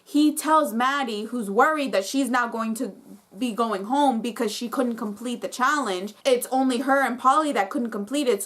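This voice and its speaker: A woman's voice: on the high side, a bit bright. Opinionated woman recapping reality TV. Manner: opinionated, fired up, lots of "like". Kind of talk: casual episode recap.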